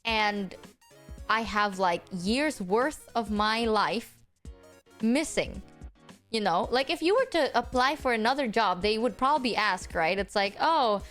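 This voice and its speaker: A woman's voice: unhurried, faint music behind. A young woman streamer telling a story in casual chat, swearing freely and acting out each quote. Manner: animated, acts out quotes with big pitch jumps.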